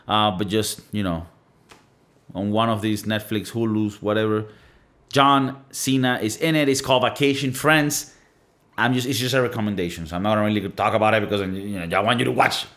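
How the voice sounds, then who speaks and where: A Venezuelan man hosts a podcast, delivering a casual monologue in a lowish, slightly bright voice at a fairly quick pace. He's blunt and cussing, emphatic, and full of fillers.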